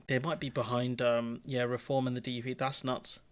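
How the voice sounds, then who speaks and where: A man co-hosting a live stream, chatting casually and giving relaxed, opinionated political commentary. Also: medium pitch, a little fast.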